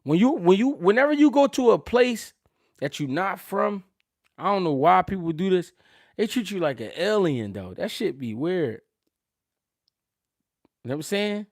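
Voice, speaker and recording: Brief: Philly-male host, gravelly low-key voice, slangy live-stream banter, dry close mic. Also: very animated, normal speed, pauses often, no echo. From Philadelphia. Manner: slangy, laughing, swings from loud to mumbled. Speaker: boxing channel host. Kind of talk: casual live-stream chat.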